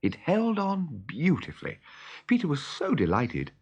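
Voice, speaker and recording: A man reading a children's story aloud with expressive, lively narration. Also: on the high side, unhurried, dull audio.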